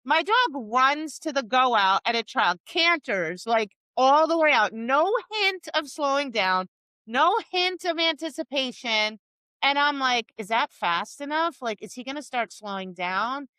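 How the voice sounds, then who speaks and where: A woman dog trainer co-hosting a podcast, chatting casually. Her voice is bright and a touch high. She tells animated stories full of acted-out quotes, and the close mic sounds dry. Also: measured pace, clean tone, dry recording. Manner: animated storytelling with acted-out quotes, many restarts. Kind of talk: casual chat.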